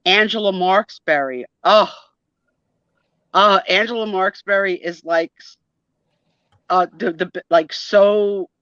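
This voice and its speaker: A middle-aged woman with a New Jersey accent guests on a live stream, chatting animatedly and laughing often. Her mid-range voice is a bit bright and slow, with frequent pauses. The recording is dry, with dull lo-fi stream audio.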